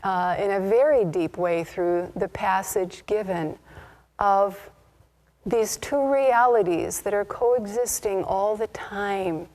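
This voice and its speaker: Woman minister, sermon, slow and deliberate storyteller. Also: medium pitch, darkish tone. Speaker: minister leading a Sunday service. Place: spiritual community service.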